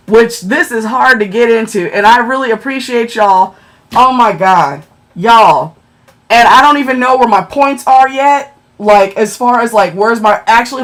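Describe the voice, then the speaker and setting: A woman chatting on a livestream, excitable and emotional as she thanks viewers for gifts and checks her ranking. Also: a little high.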